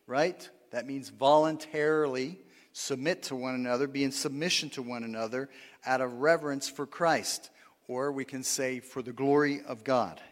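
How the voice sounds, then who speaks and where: Preaching man in a reverberant church. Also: mid-range voice. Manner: conversational, asks congregation for responses; laughs at his own lines. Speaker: pastor. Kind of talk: sermon. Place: church sanctuary.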